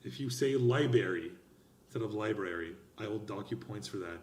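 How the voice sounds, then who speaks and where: A man teaching a college speech class, explaining grading criteria in an emphatic, expressive lecture style. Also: on the low side, quick pace, roomy sound. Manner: emphatic and expressive, lively gestures. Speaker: college instructor.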